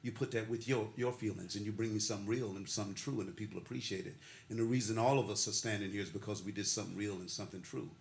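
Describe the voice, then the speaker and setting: A man's voice: fairly low pitch, steady tone, very fast, vocal fry. An older man giving a heartfelt, emotional acceptance speech at an awards ceremony. He talks with laughter and builds his points through repeated, preacherly phrases. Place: ceremony hall. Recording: echoey hall with faint noise.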